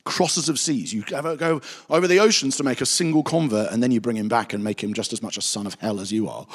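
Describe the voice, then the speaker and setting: A man, a pastor giving a chatty, anecdotal Bible teaching with animated asides. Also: medium pitch, quick pace. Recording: reverberant hall.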